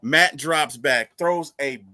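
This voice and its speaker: A man hosting a casual fan talk show, telling stories in an animated way. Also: fairly high pitch, takes it slowly, dry recording. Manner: animated storytelling, rising to excited shouts. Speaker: podcast host.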